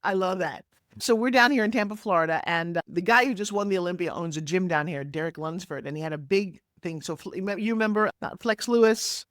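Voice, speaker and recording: A woman in her sixties, a podcast guest talking over a video call, telling her story in an energetic, emphatic way with big swoops in pitch. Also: fast talker, dry recording, studio quality. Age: 60s. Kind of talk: animated interview storytelling. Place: home office, Florida.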